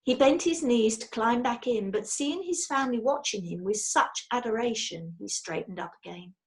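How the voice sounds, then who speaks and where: A woman reading a children's storybook aloud in a lively, expressive way. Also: on the high side, moderate pace. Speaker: storybook reader.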